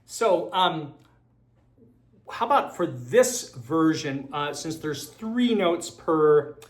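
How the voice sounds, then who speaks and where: In an online violin lesson, a man with a slightly high, expressive voice explains technique slowly, using lots of fillers. He counts beats and calls out rhythms aloud while playing, with violin audible in the background.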